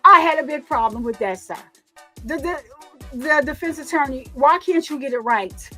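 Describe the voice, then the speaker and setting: Woman, high voice, casual livestream crime commentator, emphatic and repetitive, faint music underneath. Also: expressive, moderate pace, sharp tone. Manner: emphatic, repeats words, talks back to chat.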